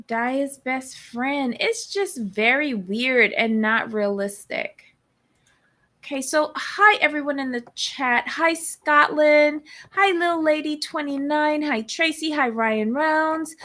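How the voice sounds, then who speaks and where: A woman co-host on a live-streamed recap show, talking in an unhurried, drawn-out way. Her voice sits a little high, and her remarks come out blunt and sassy. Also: bright, forceful tone.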